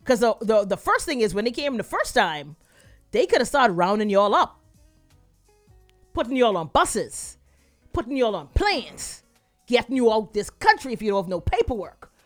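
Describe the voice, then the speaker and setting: A lively co-host talks loosely and reads viewer comments aloud in a relaxed chat. Soft music sits faintly in the background. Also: mid-range voice, normal speed. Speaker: podcast co-host. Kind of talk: casual chat.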